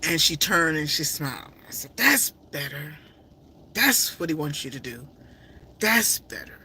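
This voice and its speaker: Middle-aged woman, very bright and sharp tone, heartfelt faith-based storytelling with lots of repetition. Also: low-pitched, animated, unhurried, a little hiss or hum. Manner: emotional, repetitive, faith-filled retelling. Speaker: vlogger. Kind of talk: personal storytelling.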